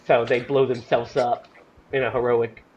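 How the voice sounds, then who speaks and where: A man hosting a podcast, chatting casually and excitedly about a film, rambling with lots of fillers. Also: mid-range voice, normal speed, slight background noise, low-quality recording. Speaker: podcast host. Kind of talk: casual movie review chat.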